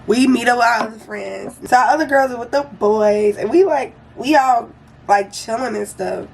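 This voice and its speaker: A young woman casually telling a storytime vlog in an animated, slangy and profane way. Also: a little high, moderate pace, vocal fry, a little hiss or hum.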